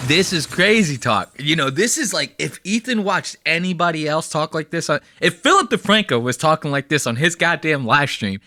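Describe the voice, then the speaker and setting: A young man with a bright, forceful voice hosts a podcast and rants bluntly about clips he is watching. The sound is dry and close, with no room around him. He swears freely and keeps circling back to press his point. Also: on the high side, animated, normal speed, hardly any pauses, dry recording. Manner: blunt, profane, heated ranting. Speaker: podcast host. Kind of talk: casual commentary reacting to clips.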